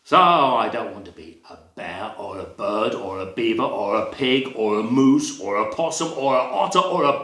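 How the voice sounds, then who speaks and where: A man telling a picture-book story to young children in a playful, animated way, with sound effects and asides to the listeners. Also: fairly low pitch, moderate pace, few pauses, echoey room. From England. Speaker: library storyteller.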